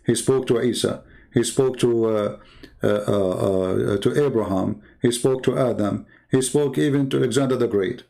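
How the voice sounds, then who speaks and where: Mellow-voiced Arabic-accented man, mocking debater. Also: mid-range voice, normal speed, gravelly. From Arab world. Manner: mocking, rhetorical questioning. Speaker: debate channel host. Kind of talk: live online religious debate.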